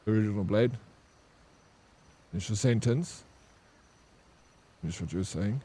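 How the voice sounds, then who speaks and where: Speaking a little slowly in a lowish, dark, husky voice, a man streams games with relaxed, talkative commentary. He curses casually, addresses viewers as bro, and reacts to what's in his chat.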